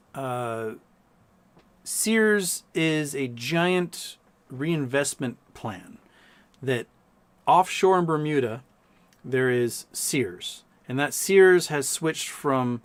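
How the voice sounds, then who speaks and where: A man's voice: a little high, clean tone. Rambling man telling stories on a livestream. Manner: rambling storytelling with many fillers. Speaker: livestream host. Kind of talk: casual livestream chat.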